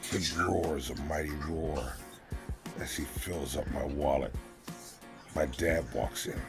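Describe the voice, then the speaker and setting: A man co-hosting a comedy podcast, reading a mock-solemn story in a slow deadpan. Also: very deep voice, creaky, over music. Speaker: podcast co-host reading a comic piece. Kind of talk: comedic reading and casual chat.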